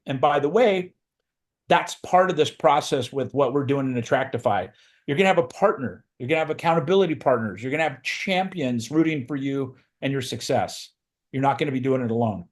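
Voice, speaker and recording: A real estate recruiting coach, a man with a mid-range voice, gives a motivational training talk, speaking emphatically and repeating phrases to drive his points home.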